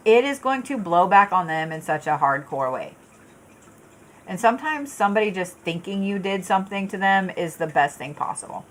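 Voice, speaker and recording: A woman with a mid-range, animated voice speaks at a normal pace while doing a live tarot reading. She's tired and yawning, yet chats bluntly and casually with viewers, swearing a lot and filling her talk with fillers and restarts.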